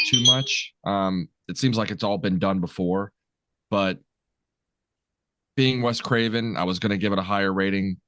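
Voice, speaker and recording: Low-voiced man giving a hesitant review. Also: fairly bright tone, no room sound, clean studio sound. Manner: hesitant, many ums. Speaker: podcast co-host. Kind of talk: casual movie review chat.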